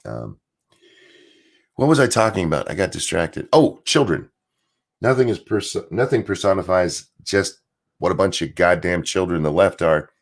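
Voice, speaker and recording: A man with a strained, hoarse voice, ranting casually as host of a live stream and reading out viewer messages. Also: low-pitched, expressive, normal speed. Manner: blunt, rambling, reads out viewer messages. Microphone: desk mic.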